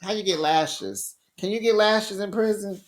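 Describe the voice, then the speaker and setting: A man with a somewhat high voice hosts a casual reality TV recap. He talks in a sassy, gossipy way, laughs often and drops in words like child and honey. He moves between loud remarks and quiet asides. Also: moderate pace.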